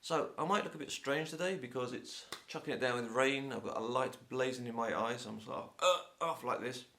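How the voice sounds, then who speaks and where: An English teacher from England with a Home Counties accent chats casually to camera despite a sore throat and blocked nose, sounding lively and opinionated. His medium-pitched voice moves briskly, with slight background noise.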